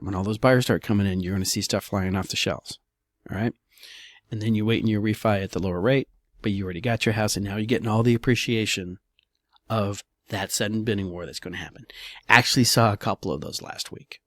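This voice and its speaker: A man's voice: lowish voice, a little fast, dry recording, studio quality. A man, a real estate broker, talking casually in a solo podcast, loose and chatty, often saying "all right".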